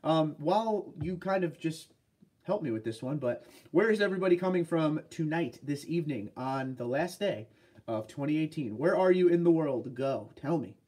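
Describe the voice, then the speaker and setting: Boston guy with a head cold chatting on a livestream, kinda higher voice, easygoing, answers viewer questions. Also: expressive, moderate pace, darkish tone. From New England. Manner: laid-back, reads chat comments aloud and answers. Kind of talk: casual livestream chat.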